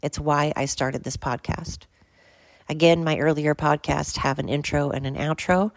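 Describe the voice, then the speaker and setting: A woman's voice: deep voice, fairly even intonation, moderate pace, no room sound. An older woman hosting a solo podcast, ranting bluntly and swearing often as she talks. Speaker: podcast host.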